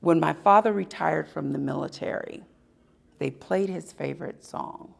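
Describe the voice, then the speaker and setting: A woman giving a live talk at an expo, telling personal stories with emphatic, dramatic pauses. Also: low-pitched, gravelly. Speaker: speaker at a spirituality expo. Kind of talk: live storytelling talk to an audience.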